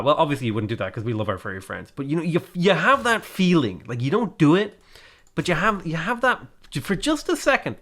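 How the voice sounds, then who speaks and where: A man talking through his strategy game in a loose, rambling way, full of exasperation and self-mockery. His voice sits somewhat high for a man and leaps around a great deal, rising sharply whenever something goes wrong. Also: a bit bright. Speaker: gaming video creator. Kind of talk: casual gameplay commentary.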